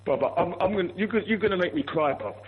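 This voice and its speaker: A man calling into a radio talk show, ranting forcefully and calling everyone "bruv". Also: high voice, expressive, rapid-fire, slight background noise. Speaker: caller. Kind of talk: heated phone-in rant. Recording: tinny phone line.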